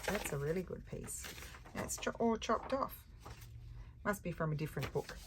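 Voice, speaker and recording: Older aussie lady doing crafts, low voice, sounds tired, bit of noise behind her. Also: animated, normal speed. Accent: Australian. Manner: chatty, easily distracted, thinks aloud while working. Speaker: craft channel host. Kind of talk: casual crafting chat.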